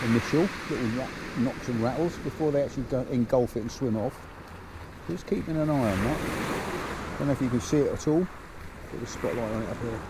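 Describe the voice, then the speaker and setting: A man's voice: mid-range voice, very noisy. A man fishing from a beach at night, chatting and telling fishing stories. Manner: chatty storyteller, acts out quotes. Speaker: fishing vlogger. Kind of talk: casual chat and anecdotes. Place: seafront beach at night, outdoors. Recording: outdoor mic with crashing surf.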